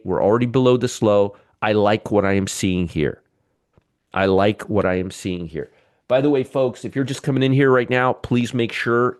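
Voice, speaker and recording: A middle-aged man with a fairly low voice hosts a live stock market show. He talks straight to his viewers, cracks jokes and gets worked up over good numbers. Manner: excitable, joking, talks to viewers directly.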